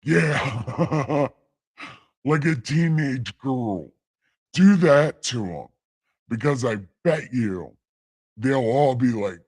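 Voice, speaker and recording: A man's voice: medium pitch, lively intonation, very slow, long pauses, darkish tone, slightly rough. A man casually reading the Bible aloud on a late-night livestream, irreverent and rambling, stumbling over lines and swearing as he goes.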